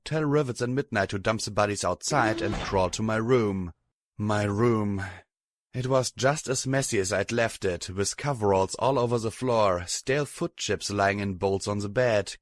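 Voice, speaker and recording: A man narrating a fanfiction audiobook in the first person, reading at an even, steady pace. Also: lowish voice, no room sound, clean studio sound. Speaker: audiobook reader.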